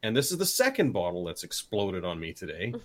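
A man co-hosting a casual podcast, with a lowish voice whose pitch still rises and falls a lot. He speaks deadpan and repeats his lines for comic effect. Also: a little fast. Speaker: podcast co-host.

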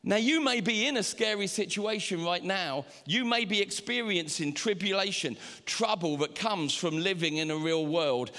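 A man preaching a sermon as pastor, animated, with sudden jumps up in pitch. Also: normal speed, few pauses, in a large hall.

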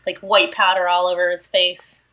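A woman's voice: on the low side, flat delivery, moderate pace, pushed and bright. A woman co-hosting a casual podcast, chatty and inquisitive about whiskey. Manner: chatty, inquisitive, laughs easily. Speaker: podcast co-host, whiskey enthusiast.

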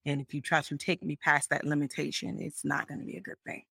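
A woman hosting an interview, candidly sharing a personal story in a relaxed way. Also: sits low, quick pace, vocal fry, husky, no room sound, clean studio sound. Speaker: interview host. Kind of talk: casual personal conversation.

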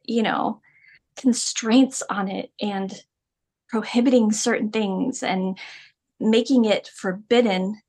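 A woman's voice: mid-range voice, fairly even intonation, slow pace, darkish tone. A middle-aged woman, a podcast guest, telling her personal story in a candid, emphatic way and laughing often.

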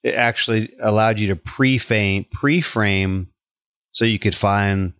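A man's voice: on the low side, measured pace, fairly bright tone, clean tone, no room sound, studio quality. A man hosting a faith conversation, reflecting on and affirming his guest's story. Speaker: host.

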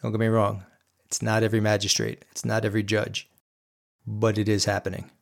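A man's voice: fairly low pitch, flat delivery, a little fast, creaky. A man hosting a podcast, telling a personal story in an earnest, emphatic monologue aimed straight at his listeners. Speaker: podcast host.

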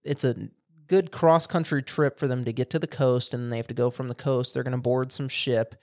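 A man chatting on a casual podcast, telling a long story with animated, expressive delivery. He swears easily and slips into quick impressions of the characters he describes. His pitch sits in an ordinary male middle range. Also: no room sound, clean studio sound. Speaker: podcast co-host. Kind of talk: casual chat.

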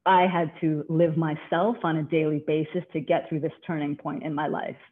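A woman's voice: deep voice, level tone, normal speed. A woman from Canada talks as a podcast guest, composed and articulate as she tells her story. Her voice comes through a tinny, phone-like remote line. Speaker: leadership coach, guest. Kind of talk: podcast interview. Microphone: remote call.

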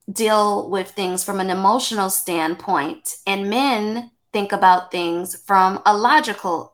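A woman hosting a podcast, asking measured, probing questions. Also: mid-range voice, fairly bright tone. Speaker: podcast host.

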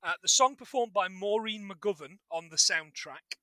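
A man co-hosting a casual film chat, animated and jokey, swearing freely. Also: high voice, moderate pace, dry recording. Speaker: podcast co-host.

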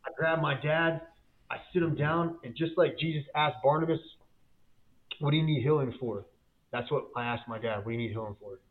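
A man's voice: a little high, brisk. A man giving a fervent faith testimony as a guest, in casual slang with frequent repeats and restarts. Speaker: guest, business owner. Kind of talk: emotional faith testimony storytelling. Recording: tinny phone-like line.

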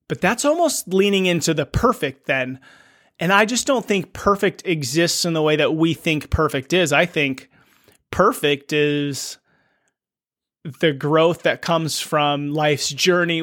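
A man's voice: a little high, fairly bright tone, dry recording. Earnest reflective man, dry close sound. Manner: earnest, thinking aloud with questions. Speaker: podcast host. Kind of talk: reflective solo podcast monologue.

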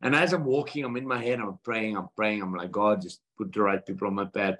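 South african man, thirties, earnest storyteller, lowish voice, acts out quotes. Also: brisk, hardly any pauses. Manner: earnest, animated retelling with quoted dialogue. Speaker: guest boxer. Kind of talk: storytelling in a podcast interview.

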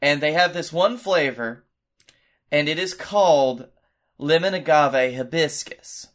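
A man's voice: on the high side, unhurried, fairly bright tone. A man co-hosting a comedy podcast, telling an anecdote in a loose, profane, casual way. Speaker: podcast co-host.

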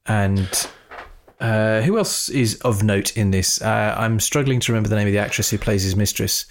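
A man co-hosting a podcast, chatting casually about a film and breaking into animated, high-pitched mock reactions. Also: moderate pace. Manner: animated, mimics reactions in raised voice. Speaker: podcast co-host. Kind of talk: casual film review chat.

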